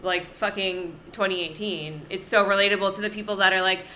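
A woman with a bright, sharp voice chatting casually about classic films on a podcast. She talks in an expressive, offhand way and swears now and then, with a faint hiss under the recording. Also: medium pitch, a little fast, low-quality recording. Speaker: podcast co-host. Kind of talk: casual film discussion.

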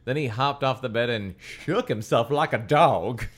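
A man's voice: medium pitch, a little slow. A man hosting a podcast, reading a children's horror book aloud with hammy, melodramatic voices for the quoted lines.

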